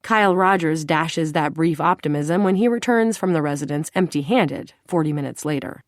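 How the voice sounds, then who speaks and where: A woman with a low voice reads a thriller audiobook in a steady, even way. The sound is dry and close, with no room around it. She keeps her narration plain between the character voices. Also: moderate pace, no room sound.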